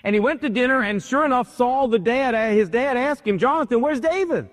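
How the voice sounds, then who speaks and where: A man pastor preaching a sermon, retelling a story with animated, emphatic repetition, in a church hall. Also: very high voice, a little fast. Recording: long hall reverb.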